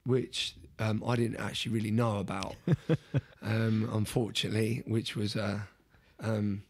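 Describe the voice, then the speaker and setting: A man's voice: lowish voice, little pitch movement, a little slow, darkish tone. A young man, a podcast guest, telling an earnest story in conversation, often restarting and repeating words.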